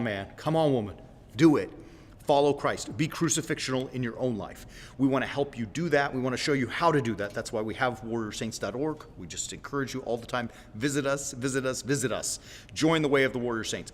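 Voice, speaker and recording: A man's voice: medium pitch, fairly bright tone. A man hosting a Christian livestream, preaching informally in a folksy, direct way and often stopping to correct himself and apologize. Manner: rambling, self-correcting, apologetic asides; folksy, direct, with repeated "right?". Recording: long reverb in a roomy space.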